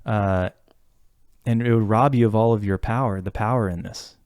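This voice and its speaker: Low-ish male voice, earnest podcast chat, thinking out loud, dry close mic. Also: normal speed, smooth, no echo. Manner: reflective, earnest, many fillers and restarts. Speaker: podcast co-host talking about therapy. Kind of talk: casual podcast conversation.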